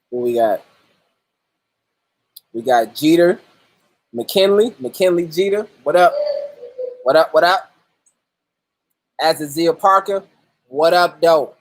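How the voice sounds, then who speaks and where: A man hosting a livestream in casual, profane chat, greeting viewers by name as they join. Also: on the high side. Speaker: livestream host.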